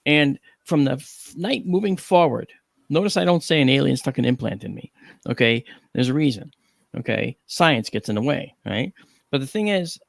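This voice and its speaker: A middle-aged man on a talk panel, telling a story with animated, acted-out dialogue and frequent 'okay?' check-ins. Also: medium pitch, gravelly, dry recording, studio quality. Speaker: panel guest.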